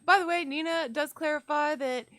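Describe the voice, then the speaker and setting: A woman co-hosting a casual podcast discussion, relaxed and conversational. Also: sits high, normal speed, no room sound, clean studio sound. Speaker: podcast co-host.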